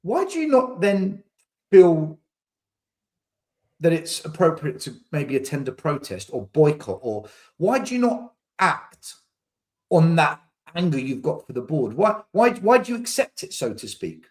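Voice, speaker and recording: A man's voice: fairly high pitch, very animated, measured pace, a little mellow. A man, hosting a podcast, arguing heatedly in casual debate and repeating words when he gets pressed. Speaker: podcast host.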